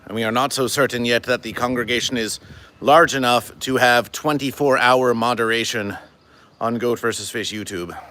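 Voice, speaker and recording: Bright-voiced deadpan man streaming. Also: mid-range voice, normal speed. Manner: deadpan, stilted formal phrasing, refers to himself in third person. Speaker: livestream host. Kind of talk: comedic livestream monologue to chat.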